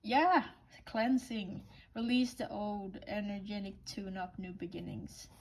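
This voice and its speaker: A woman's voice: mid-range voice, a little slow, darkish tone, slight background noise, poor audio. Blunt, rambling woman reading oracle cards. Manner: rambling, blunt, swears casually. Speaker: oracle card reader. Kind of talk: casual intuitive card reading.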